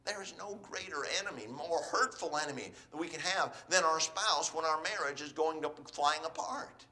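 A man's voice: a little high, normal speed, bright, forceful tone. A man preaching a sermon in an earnest, exhorting way, putting questions to his listeners.

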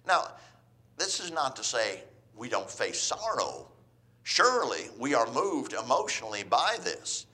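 A man preaching a sermon, swinging between loud emphatic lines and quiet ones, asking his listeners rhetorical questions. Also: mid-range voice, wildly swooping pitch, measured pace. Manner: asks the audience rhetorical questions.

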